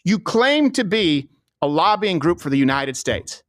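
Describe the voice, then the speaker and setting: Male comedy host, high animated voice, emphatic, dry studio sound. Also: unhurried, no room sound. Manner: emphatic, mocking. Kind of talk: political comedy talk show.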